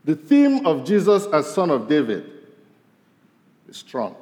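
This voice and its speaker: A man preaching a sermon as pastor, his voice rising to stress points and falling low at the end of each. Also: measured pace. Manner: animated, voice rising for emphasis and dropping low at ends of points. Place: church sanctuary. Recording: long reverb of a large hall.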